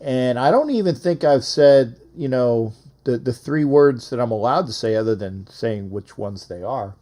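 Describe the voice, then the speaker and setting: A man's voice: medium pitch, lively intonation, moderate pace, mellow. A man hosting a casual live call-in sports show, rambling and repetitive as he reads out phone numbers.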